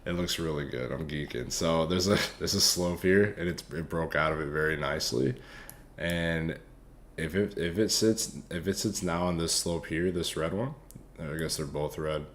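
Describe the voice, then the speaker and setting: A man's voice: very deep voice, moderate pace, a little hiss or hum. A man casually reviewing stock charts for viewers, loose, profane and hyped up. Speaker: stock trading streamer.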